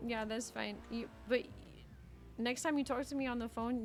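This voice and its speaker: Faint music sits behind this young woman as she streams a roleplay game at a normal speed, her voice on the high side. She chats casually, giggles a lot, and mutters to herself, moving between gaming talk and in-character roleplay.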